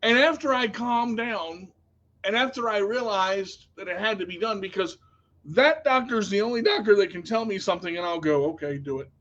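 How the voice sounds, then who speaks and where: A vlogger sits high in pitch and speaks at a moderate pace as he casually tells a story to camera, the recording's highs cut off. He's animated, bursting into loud outbursts when he relives moments of panic.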